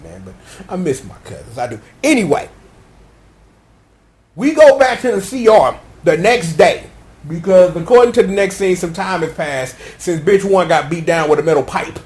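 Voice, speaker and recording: Animated, slangy man recapping a show. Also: fairly high pitch, normal speed. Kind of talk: comedic episode recap.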